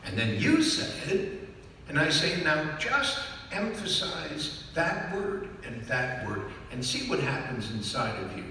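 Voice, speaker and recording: A man's voice: on the high side, sing-song, a little slow, sharp tone, a little hiss or hum. A man giving a live talk to an audience, emphatic and repetitive, often stopping to ask whether listeners understand. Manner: emphatic, repeats key phrases and checks in with "do you understand?". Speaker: business author speaking to an audience. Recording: echoey hall, mic far off.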